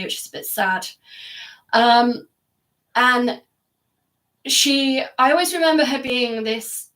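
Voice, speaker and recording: Brief: woman recording a personal vlog at home, fairly high voice, hesitant and reflective. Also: a bit bright, recorded from a distance. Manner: hesitant, many fillers, halting restarts. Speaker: vlogger. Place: upstairs at home indoors.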